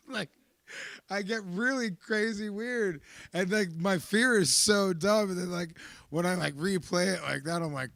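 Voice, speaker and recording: A man giving a raw, profane, confessional account of his fears, swinging between quiet reflection and shouting. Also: high voice, a little slow, gravelly, dry recording. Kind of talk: emotional personal testimony.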